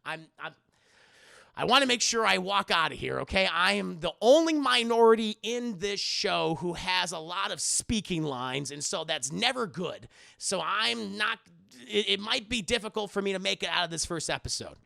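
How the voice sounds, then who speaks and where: A man voicing a nervous young priest who confesses bluntly and haltingly that he is out of his depth. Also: high voice, expressive, vocal fry, sharp tone, no room sound, clean studio sound, full character voice. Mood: wry.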